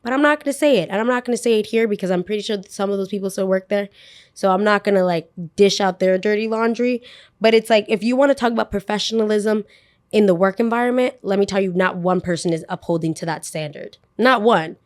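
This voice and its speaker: Young woman, casual podcast storyteller, animated delivery with quoted voices and lots of "like". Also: mid-range voice, quick pace. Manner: animated, acts out quotes, heavy use of "like". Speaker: podcast guest.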